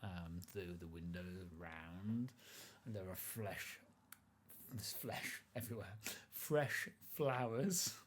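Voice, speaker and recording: A man narrating a tabletop role-playing game as game master, relaxed and rambling, with lots of fillers and restarts. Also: low-pitched, slow, a little hiss or hum.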